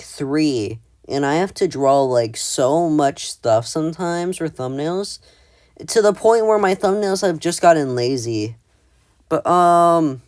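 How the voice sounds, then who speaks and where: A man's voice: a little high, a little mellow, dry recording. Rambling, self-mocking man in a dry room. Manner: rambling, filler-heavy, self-deprecating. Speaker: video creator. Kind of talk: casual commentary ranking own old art.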